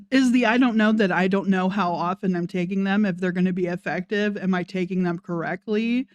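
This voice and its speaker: A woman's voice: mid-range voice, normal speed, darkish tone, dry recording. A woman giving sarcastic reaction commentary, laughing between her points. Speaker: commentary host.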